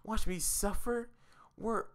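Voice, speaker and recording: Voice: medium pitch, steady tone, takes it slowly, natural voice. A streamer reading aloud as a desperate, lovestruck young female game character, pleading and remorseful, with game music behind. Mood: anguished pleading. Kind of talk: read-aloud game dialogue.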